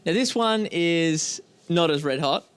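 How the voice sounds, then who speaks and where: A man's voice: a little high, expressive, a little slow, fairly bright tone, smooth, no echo. An Australian man hosting a casual chat, wry and jokey, as a drummer. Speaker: channel host and drummer.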